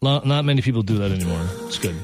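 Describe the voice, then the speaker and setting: A man co-hosting a sports radio show, bantering in a wry, joking way with a lively, bouncing pitch. He speaks at an even middle pitch, and faint music plays under the studio mic. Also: very fast. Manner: joking, wry, trailing asides.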